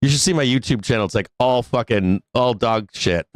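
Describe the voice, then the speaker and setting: On a live stock trading show, the male host chats casually, rambling, swearing freely and frequently bursting into laughter. His pitch is medium and his pace normal. The recording is dry, in the style of casual live-stream talk.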